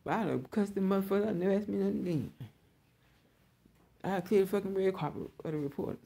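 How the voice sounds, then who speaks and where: A woman's voice: medium pitch, fast talker, gravelly, mellow, breathy edge. A woman hosting her own online show, giving a blunt, profane opinion monologue and repeating her points.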